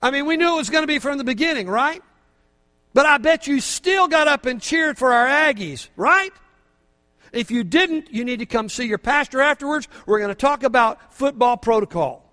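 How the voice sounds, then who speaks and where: An older man preaching a sermon as pastor, fervent, moving from quiet asides to shouting praise, in a church. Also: very high-pitched, animated, fairly quick. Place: church sanctuary. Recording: long hall reverb from a church.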